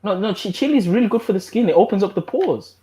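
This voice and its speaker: A man's voice: sits high, expressive, fast talker, over a noisy crowd. A young man in casual group banter on a livestream, rambling defensively and laughing as he explains himself. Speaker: livestream panelist.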